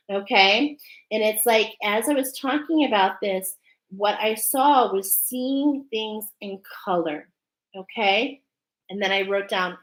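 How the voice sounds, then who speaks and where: A woman's voice: medium pitch, a bit bright, rough recording. A woman giving an oracle card reading. She speaks earnestly and effusively and keeps checking in with a questioning "okay?". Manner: emotional, effusive. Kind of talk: spiritual channeled reading.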